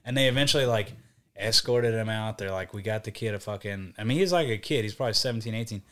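A man's voice: fairly low pitch, quick pace. A young man, a band vocalist, telling a road story in casual podcast chat, cursing freely and acting out what people said. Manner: profane, animated, acts out quotes.

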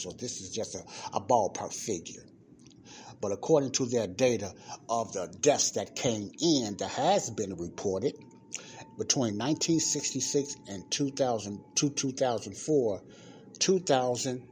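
A man's voice: mid-range voice, animated, unhurried, darkish tone, a little hiss or hum. A man hosting a church podcast. He reads a report aloud and comments on it, repeating numbers for emphasis and asking listeners rhetorical questions. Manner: talks directly to listeners, asks rhetorical questions. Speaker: podcast host addressing a church audience.

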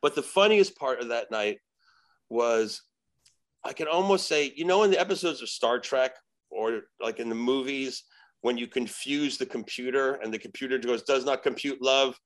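Man telling a wild story, animated. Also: medium pitch, moderate pace. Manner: animated, profane, acts out quoted dialogue. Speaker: podcast guest, shaman. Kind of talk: casual storytelling chat.

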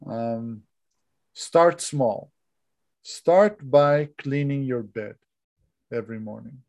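A man's voice: mid-range voice, slow, a little mellow. A man co-hosting a casual podcast, giving advice in a chatty way, restarting sentences and dropping to a mumble at the ends of phrases. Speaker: co-host.

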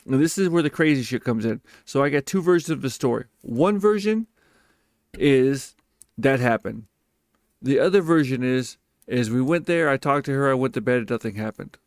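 A man's voice: medium pitch, normal speed, dry recording, clean studio sound. A man host telling a personal story in a casual monologue, swearing often and speaking with emphasis. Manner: profane, emphatic and animated.

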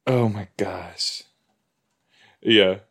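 A man hosting a podcast, reacting aloud with gushing exclamations and laughs while watching a TV episode. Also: on the low side. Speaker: podcast host.

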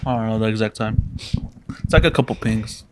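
A man's voice: fairly low pitch, fairly quick, background noise. Young man telling gaming stories, cursing. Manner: swearing, animated storytelling. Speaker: podcast co-host. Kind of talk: casual chat.

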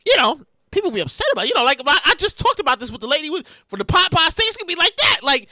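Lady podcast host going off, super high bright voice, loud and cussing, bouncing all over. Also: racing, no room sound, studio quality. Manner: loud, animated, profane ranting with frequent shouting. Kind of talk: comedic current-events rant.

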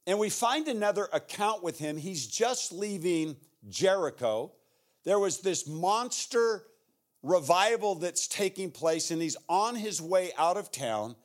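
American guy preaching, voice jumps all over the place, a bit high for a man, goes loud then real quiet. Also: a little slow. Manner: animated preaching, acts out shouted Bible voices, drops to hushed prayer. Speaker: guest pastor. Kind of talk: sermon.

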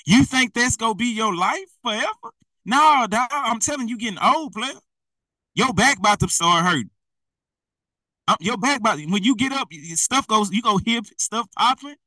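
A man's voice: extremely high pitch, lively intonation, moderate pace, sharp tone, no room sound, far from the mic, poor audio. A man preaching in a blunt, slangy, exhorting way, often laughing at himself. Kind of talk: fiery street-style preaching.

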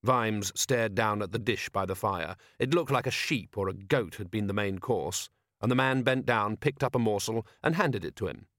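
A man reading an audiobook in calm, measured narration with dry humor. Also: on the low side, no room sound. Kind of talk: scripted narration.

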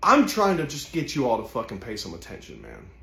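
A man's voice: mid-range voice, wildly swooping pitch, fairly quick, gravelly, pushed and bright, roomy sound. A man giving an impassioned, profane motivational monologue, speaking intensely and swearing heavily.

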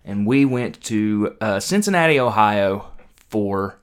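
A man's voice: fairly low pitch, expressive, slow, smooth. A young man hosting a podcast, chatting casually and teasing his co-host. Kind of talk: casual chat.

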